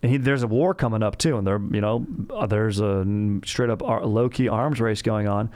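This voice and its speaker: A man's voice: fairly low pitch, moderate pace, darkish tone. A man hosting a comedy history podcast, telling the story in a rambling, slangy way. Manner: rambling, slangy, laughs at his own jokes. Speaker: podcast host.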